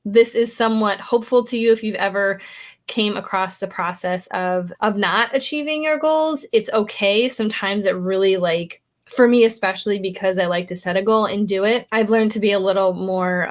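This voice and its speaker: A woman talking straight to camera in a relaxed vlog, open and self-reflective. She moves quickly through her points at an even, mid-range pitch for a woman, with an everyday, unforced delivery. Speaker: author and vlogger. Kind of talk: casual vlog talk.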